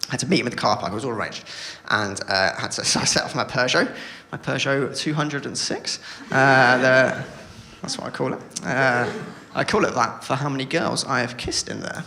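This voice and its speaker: A man's voice: medium pitch, moderate pace, vocal fry, hardly any pauses, pushed and bright. A man doing stand-up comedy on a theatre stage. He rambles and puts himself down, with many stammered restarts. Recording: live theatre recording with noise.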